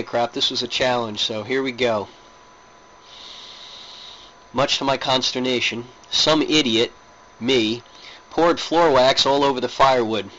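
Guy reading his story kinda wry, bright voice, dull lo-fi recording. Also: mid-range voice.

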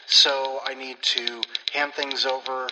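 A man's voice: medium pitch, flat delivery, slow pace. A man hosting a weekly writing podcast, talking casually with wandering, self-deprecating asides. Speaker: podcast host. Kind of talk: casual, rambling podcast talk. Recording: long hall reverb, loud hiss. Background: typewriter loop.

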